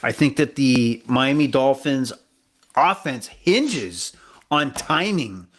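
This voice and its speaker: A man's voice: medium pitch, animated, takes it slowly, fairly bright tone. Man, podcast co-host, casual sports betting talk, rambling, fumbles for names.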